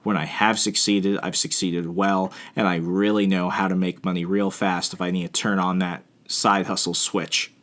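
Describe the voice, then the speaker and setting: A man's voice: sits low, flat delivery, moderate pace, hardly any pauses, a bit bright. A male podcast host giving casual advice in a rambling, self-deprecating way, full of fillers and restarts.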